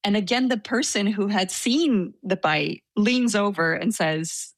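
A woman's voice: mid-range voice, expressive, unhurried, few pauses, no room sound. A woman recounting a personal story in a casual interview, hesitant and self-deprecating, with frequent fillers and small laughs.

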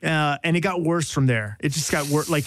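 A man's voice: a little high, moderate pace, a bit bright, slight background noise. A man, a journalist, telling a self-deprecating story on a podcast in a rambling, casual way with frequent restarts.

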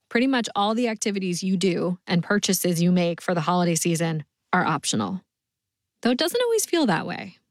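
A woman's voice: on the low side, no room sound, clean studio sound. A woman hosting a podcast, reading scripted narration in an upbeat, conversational explainer tone. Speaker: podcast host.

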